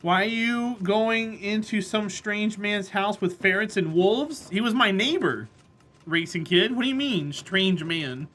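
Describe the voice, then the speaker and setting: Woman streamer, bright mid-pitched voice, casual and blunt, argues with chat. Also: expressive, unhurried. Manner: blunt, opinionated, answering chat by name. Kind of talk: casual live-stream chat while gaming.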